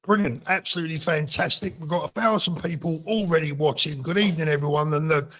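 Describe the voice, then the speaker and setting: Bright-voiced man hosting a livestream. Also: fairly high pitch, fast talker, rough recording. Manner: chatty, warm welcoming with fillers. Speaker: livestream host. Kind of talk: casual livestream chat. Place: at home in Spain.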